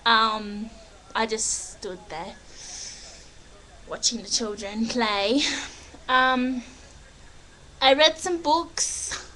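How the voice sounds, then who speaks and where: Slow, bright young woman faking American accent. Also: a little high, low-quality recording. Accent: put-on American accent. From Australia. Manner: rambling, giggly, chatty. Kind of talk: casual webcam vlog. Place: living room at home. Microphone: built-in webcam mic.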